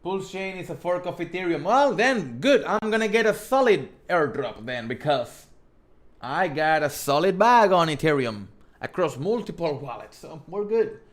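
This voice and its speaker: A man's voice: fairly high pitch, very animated, moderate pace. Man with a thick Spanish accent. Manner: rambling, self-correcting, reads chat questions aloud. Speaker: host. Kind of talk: casual live-stream chat.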